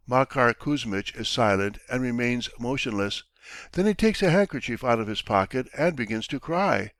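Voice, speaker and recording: A man narrating a classic short story in a measured audiobook reading. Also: mid-range voice, lively intonation, a bit bright, no echo. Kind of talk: scripted narration.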